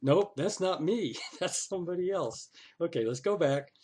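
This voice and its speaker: A man's voice: fairly high pitch, animated, moderate pace, noisy background. A man narrating a screen-recorded walkthrough, thinking aloud and sounding sarcastic and exasperated as he complains to the city council. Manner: thinks aloud, with frequent "oh" and "okay".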